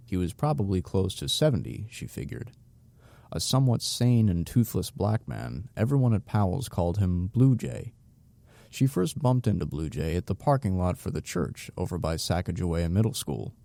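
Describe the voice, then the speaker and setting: Deep gravelly male narrator. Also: dark tone, no room sound. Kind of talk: audiobook narration.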